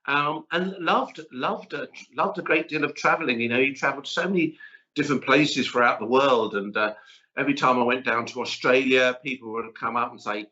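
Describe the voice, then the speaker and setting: A middle-aged man chatting as a chef guest in an interview, an animated, rambling storyteller. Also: medium pitch, brisk. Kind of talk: casual interview chat. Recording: dull lo-fi audio.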